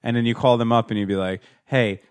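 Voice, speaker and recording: A man's voice: mid-range voice, steady tone, very fast, a little mellow, clear, resonant tone, no room sound. A man co-hosting a casual podcast, bantering with wry, profane remarks. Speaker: podcast co-host. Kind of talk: casual chat.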